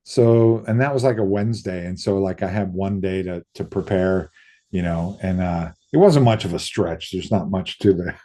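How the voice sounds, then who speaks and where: A man's voice: deep voice, moderate pace. A middle-aged man, a makeup effects artist, telling stories in a casual interview and acting out other people's lines, with some swearing. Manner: lively storyteller who acts out quoted voices, casual swearing. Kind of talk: casual anecdotal interview storytelling.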